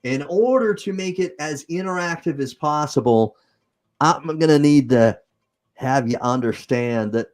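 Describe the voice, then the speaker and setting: A man's voice: on the high side, animated, measured pace, a little mellow. A man with a Utah accent hosting a livestream, chatting casually and improvising as he reads comments. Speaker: host.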